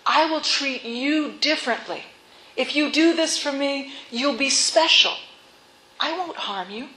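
A woman's voice: sits high, unhurried, voice pushed up. A woman giving voice to a sly, cold rattlesnake. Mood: pleading. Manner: pleading, then cold and flat. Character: sly persuasive male rattlesnake, turns cold. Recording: echoey room.

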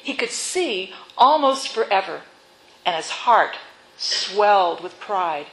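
A woman preacher telling stories in a sermon, earnest and soft-spoken, often dropping to a hush. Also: medium pitch, lively intonation, slow. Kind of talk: sermon storytelling. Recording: echoey room.

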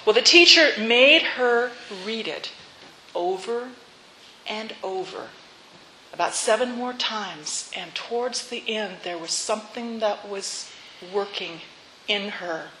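Bright-voiced woman preaching in an echoey church. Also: mid-range voice, animated, slow, a little hiss or hum. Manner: leads congregation in call-and-response repetition; reflective storytelling with rhetorical questions. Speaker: pastor. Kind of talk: sermon. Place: church sanctuary.

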